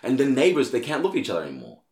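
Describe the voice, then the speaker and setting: A man's voice: mid-range voice, rapid-fire, echoey room. A man in casual conversation, talking animatedly and swearing often. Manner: heavy swearing, animated storytelling. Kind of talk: casual chat.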